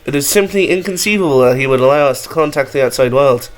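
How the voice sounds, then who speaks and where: A man's voice: medium pitch, expressive, fast, poor audio. A man reading game lines and joking around in a playful, laughing manner. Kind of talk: casual dub reading with chat.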